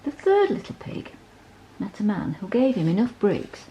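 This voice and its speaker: A woman reading a bedtime story aloud, gently asking the child to look at the pictures. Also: medium pitch, very animated, normal speed, lo-fi sound, slight background noise.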